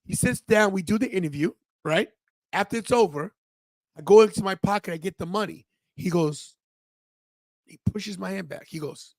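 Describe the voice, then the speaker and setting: In a high-pitched voice with vocal fry, spoken at normal speed and recorded without echo, a middle-aged man hosts a podcast. He delivers a storytelling monologue about his own life, retelling it with emotion and animation and voicing the people in it.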